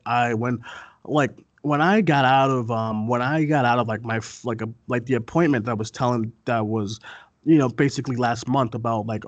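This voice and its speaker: A young man chats loosely as a podcast host, circling back on his words with plenty of fillers and restarts. His voice sits at an ordinary middle pitch. The sound is dry and close, with no room in it. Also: no room sound. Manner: rambling, frequent fillers and restarts. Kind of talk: casual interview chat.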